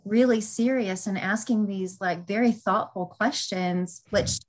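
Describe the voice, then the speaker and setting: A woman's voice: medium pitch, unhurried, low-quality recording. A woman co-hosting a podcast, telling a story in a chatty way with lots of ums and restarts. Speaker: podcast co-host. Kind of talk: casual storytelling.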